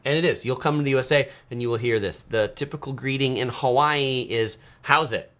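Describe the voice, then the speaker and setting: A man's voice: mid-range voice, fairly quick, a bit bright. A man hosting a casual live stream, reading viewer comments aloud and chatting, often slipping into playful mock voices. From United States.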